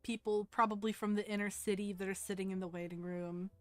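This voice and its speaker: A woman's voice: medium pitch, steady tone, brisk, faint music behind. A young woman narrating a tabletop game as game master, casual and rambling with lots of fillers.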